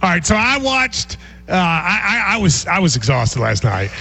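A man hosting a casual sports talk radio show, animated, laughing often and restarting his sentences. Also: sits high, normal speed, vocal fry, slightly rough, faint music behind. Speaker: radio host.

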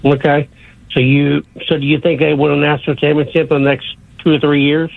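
A man's voice: on the high side, flat delivery, brisk, vocal fry, dry recording. A man calling in to a sports radio show, asking casual, direct questions. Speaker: caller. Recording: tinny phone line.

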